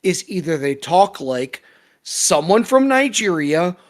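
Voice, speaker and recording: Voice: mid-range voice, very animated, slow. Heated, profane co-host ranting. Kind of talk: casual review chat.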